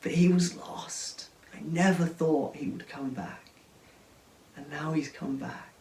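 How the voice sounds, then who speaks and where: A man's voice: a little high, fairly even intonation, unhurried, creaky, darkish tone, slight background noise. A man voicing a loving, forgiving old father who welcomes his lost son home with joy. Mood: tender, pleading. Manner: urgent, joyful commands. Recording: roomy sound, mic at a distance.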